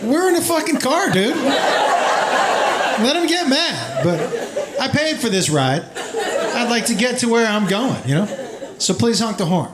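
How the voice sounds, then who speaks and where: A man's voice: very high-pitched, big pitch swings, a little slow, pauses often, very noisy. A man performing a stand-up routine, telling a story with exasperated, crude rants and acted quotes. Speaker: stand-up comedian. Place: comedy club stage. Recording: echoey room with loud crowd laughter. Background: loud audience laughter.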